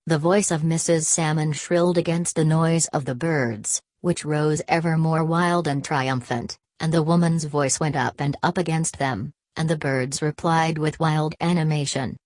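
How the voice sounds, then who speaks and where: A woman narrating an audiobook in a steady, measured reading. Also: low-pitched, dry recording. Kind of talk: scripted narration.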